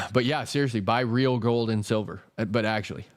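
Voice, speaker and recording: Hosting a stock market livestream, a man with a lowish voice rants casually and with exasperation at normal speed, with no echo. He swears often and repeats himself in this profane market rant.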